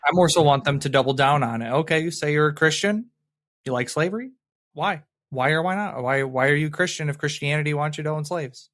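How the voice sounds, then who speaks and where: A man's voice: fairly high pitch, fairly bright tone. Blunt, questioning male podcast guest. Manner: blunt, questioning, quick to laugh. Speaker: podcast guest, atheist content creator. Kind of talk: casual conversation.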